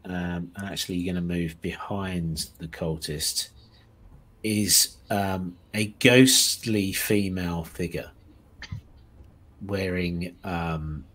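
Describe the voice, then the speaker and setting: Slow, low-voiced man running a tabletop game. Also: fairly bright tone. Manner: halting, with frequent ums and self-corrections. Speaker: game master.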